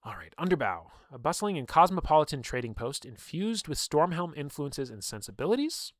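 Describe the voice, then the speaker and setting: A man's voice: a little high, very animated, a little fast, dry recording, clean studio sound. A young man casually reading through a game book on a livestream, breaking off for chatty asides and laughs.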